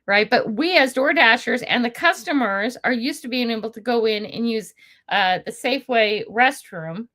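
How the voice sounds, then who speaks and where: A woman's voice: on the high side, moderate pace, fairly bright tone. An older woman hosting a casual livestream, telling stories with frequent laughter and blunt, indignant remarks. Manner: chatty, laughs often while telling stories. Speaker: livestream host.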